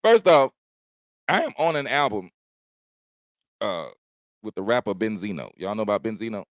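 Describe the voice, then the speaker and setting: A man's voice: on the low side, expressive, normal speed, no room sound. A man doing a casual stream chat, rambling and cursing freely as he tells stories from home. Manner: rambling, profane, laid-back storytelling. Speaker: comedian hosting his own stream. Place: at home, smoking while chatting.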